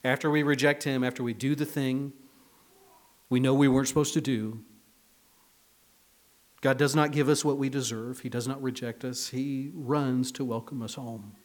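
A man's voice: mid-range voice, steady tone, normal speed, pauses often. Earnest pastor man preaching conversationally. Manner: earnest, shifts between hushed and emphatic passages. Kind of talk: conversational sermon.

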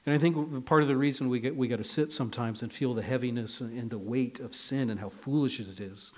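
Male pastor, mid-pitched, conversational sermon delivery, earnest, dynamic between hushed and emphatic. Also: a little fast.

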